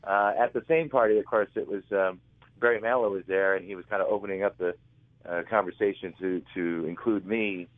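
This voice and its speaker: Over a tinny phone line with a dry, echo-free sound, a man being interviewed as an author shares casual, rambling anecdotes. His voice sits low and steady, he talks a little fast, and he often revises himself mid-sentence.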